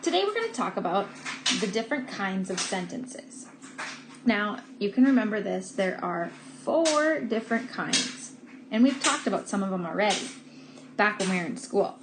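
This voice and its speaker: A woman teacher giving a patient, slow grammar lesson to first graders, stressing key words. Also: medium pitch, very animated, noisy background. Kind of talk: recorded remote grammar lesson for young children.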